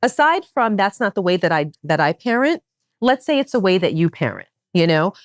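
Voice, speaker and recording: A woman with a fairly low voice hosts a casual podcast chat, her pitch swinging widely as she presses her points. She speaks close to the mic in a dry, deadened room. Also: moderate pace, no room sound. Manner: animated and emphatic, with wide swings in pitch. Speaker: podcast host.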